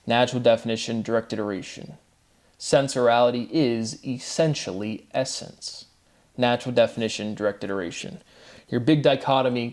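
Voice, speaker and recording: A man hosting his own channel, talking combatively in a rambling monologue and spelling out words letter by letter. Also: mid-range voice. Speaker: channel host. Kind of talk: monologue to camera.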